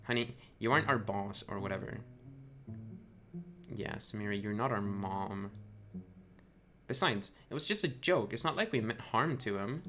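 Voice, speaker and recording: A man voicing a dismissive teen girl in a game's group chat, reading her lines in a flat, offhand way. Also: lowish voice, normal speed, pauses often, soft background music.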